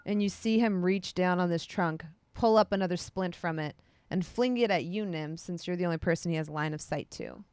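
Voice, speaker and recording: A woman with a fairly low voice runs a tabletop role-playing session as game master. She narrates the action in a measured, descriptive way. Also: a little mellow, clean tone, no echo.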